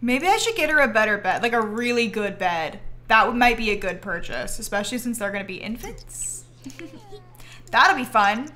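Young female streamer, lively and high-pitched, wry exasperated chatter to chat. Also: normal speed. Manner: exasperated, joking running commentary to chat. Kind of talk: live game stream commentary.

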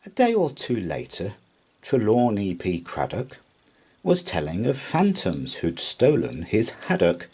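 A man reading a rhyming children's picture book aloud in an expressive storytelling voice. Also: fairly low pitch, breathy edge. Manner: slow, expressive rhyming delivery. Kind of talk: children's read-aloud narration.

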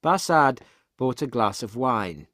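A man narrates a simple audiobook for learners. His reading is slow, clear and deliberate at a middling pitch. The recording is dry and close. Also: animated, a bit bright, no room sound. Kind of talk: graded reader audiobook narration.

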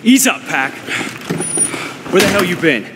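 A calm, high-voiced squad sergeant. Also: male voice, measured pace, very noisy. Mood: commanding. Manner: steady, clipped military orders. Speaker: squad leader.

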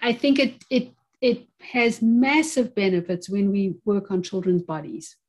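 A woman's voice: mid-range voice, steady tone, unhurried, darkish tone. A woman in her fifties, an occupational therapist speaking as a guest in a webinar interview, talking earnestly and repeating phrases to stress her points over a video-call microphone.

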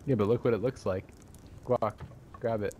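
Low-voiced man with deadpan trash talk. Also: moderate pace, muffled recording, slight background noise. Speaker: co-op gaming partner. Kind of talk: casual co-op gaming commentary.

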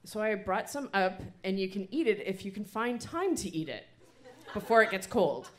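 A woman reading as a brisk, kindly mother. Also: medium pitch, sing-song, close to an everyday voice.

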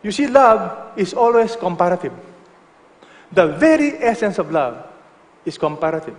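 A male pastor preaching a sermon emphatically, dropping to soft, low tones for effect. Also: big pitch swings, moderate pace, long reverb tail.

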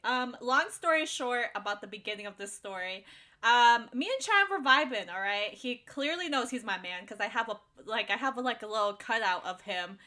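Lively, bright-voiced young woman telling stories. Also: a little high, moderate pace. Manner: animated storyteller, laughs often, slangy. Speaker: podcast co-host. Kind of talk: casual chat.

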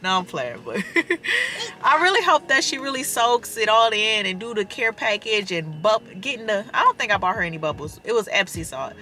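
A young woman and mother of four, vlogging casually from her car and talking straight to her viewers with lively emphasis. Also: medium pitch, fairly quick, hardly any pauses. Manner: animated and emphatic, addresses viewers as y'all. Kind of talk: casual chatty vlog talk.

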